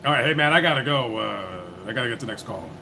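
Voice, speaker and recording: In a rough recording with a little hiss or hum, a man speaks quickly and expressively in a medium-pitched voice that is gravelly and sharp. He hosts a casual live call-in stream, taking calls bluntly and impatiently while cursing often.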